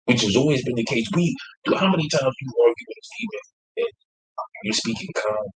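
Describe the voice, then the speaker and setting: A man co-hosts a casual podcast and talks with a lot of swing in his pitch. His voice is slightly husky, and he acts out the people he quotes with loose, profane energy. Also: animated, brisk, low-quality recording. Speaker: podcast co-host.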